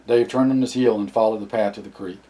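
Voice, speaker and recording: A man reading a novel aloud as narrator, often clearing his throat. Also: on the low side, fairly even intonation, quick pace, warm tone, rough recording. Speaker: audiobook narrator.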